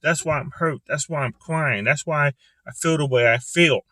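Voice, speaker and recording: A man talks into a close mic from a parked car, earnest and halting, often repeating himself as he works through his thoughts. His voice has a bright, forceful edge, and the sound is dry and close with no room echo. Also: a little high. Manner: earnest, repetitive, halting, with pauses and restarts. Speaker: vlogger speaking about depression. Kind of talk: personal confessional monologue.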